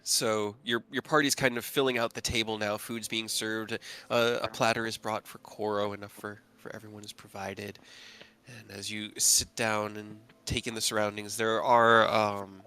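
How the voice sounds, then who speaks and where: Male game master, casual rambling narrator, crisp bright tone. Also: fairly low pitch, little pitch movement, moderate pace.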